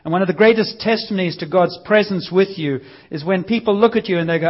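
Lively high-voiced male preacher. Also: quick pace. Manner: energetic, conversational, lively acted quotes. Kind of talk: sermon. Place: church service. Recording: dull lo-fi sound.

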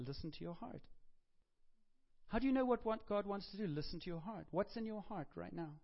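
Gravelly-voiced man preaching, lo-fi sound. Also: high voice. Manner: conversational, with humorous asides and self-corrections. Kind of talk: sermon. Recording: dull lo-fi recording.

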